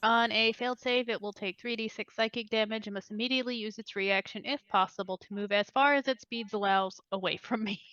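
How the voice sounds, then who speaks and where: A woman's voice: fairly high pitch, fairly even intonation, fairly quick, few pauses, fairly bright tone, clean tone, no room sound, dull audio. Matter-of-fact woman playing a tabletop game. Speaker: player.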